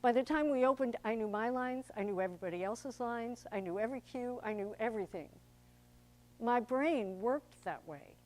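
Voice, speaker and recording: Older woman, actor and director, public talk, chatty, theatrical, slightly high voice. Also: normal speed, a little mellow.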